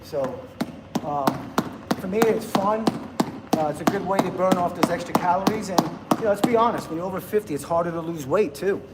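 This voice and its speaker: A man in his fifties from the United States chats casually on a livestream, answering viewer comments in an upbeat way. His voice is high-pitched and fairly quick, with heavy background noise behind it.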